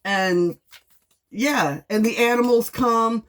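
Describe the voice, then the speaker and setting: A woman tarot reader telling a story in a casual monologue, sassy and animated, swearing freely. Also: fairly high pitch, takes it slowly.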